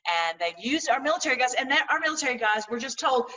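A woman talking to her viewers in a casual, animated monologue, full of restarts and religious phrases. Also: high voice, fast talker, recorded from a distance, poor audio. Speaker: political commentary host.

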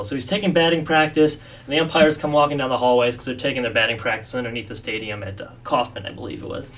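Fast-talking man telling sports stories. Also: mid-range voice, recorded from a distance. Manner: animated storyteller acting out quotes. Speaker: podcast co-host. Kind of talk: casual sports podcast storytelling.

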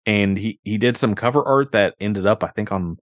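A man co-hosting a podcast, chatting about a film in a relaxed way, laughing often and hesitating with fillers. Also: fairly low pitch, normal speed, dry recording, studio quality. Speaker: podcast co-host. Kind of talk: casual film-review chat.

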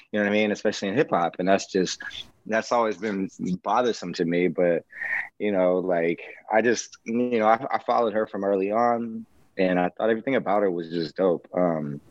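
Rapper guest on a call: low, laid-back, rambling, muffled dry audio. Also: male voice, brisk, no room sound. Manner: relaxed, rambling, many fillers and restarts. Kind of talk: casual interview chat. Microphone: video call.

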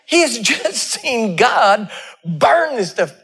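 A preacher delivering a sermon, his voice sitting high for a man. He tells stories and acts out the dialogue, sliding his voice far up and down as he goes. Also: expressive, normal speed, a bit bright. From Texas. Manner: storytelling, acting out dialogue with wide swings in pitch.

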